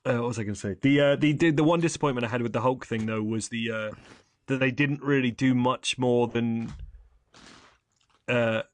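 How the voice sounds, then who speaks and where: A man's voice: medium pitch, moderate pace, no room sound. A young man co-hosting a casual film review chat, rambling and correcting himself with wry asides. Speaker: podcast co-host.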